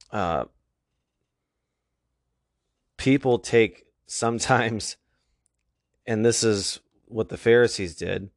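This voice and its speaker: A man's voice: medium pitch, dry recording, clean studio sound. A man preaching as a youth pastor, earnest and emphatic, reading verses aloud. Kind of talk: sermon with scripture reading.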